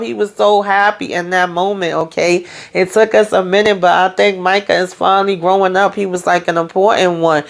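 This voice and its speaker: A TV recap host chats casually through an episode, retelling scenes by quoting the characters and leaning heavily on "you know" and "like". Her voice is on the low side with vocal fry, fairly even intonation, a brisk pace and hardly any pauses.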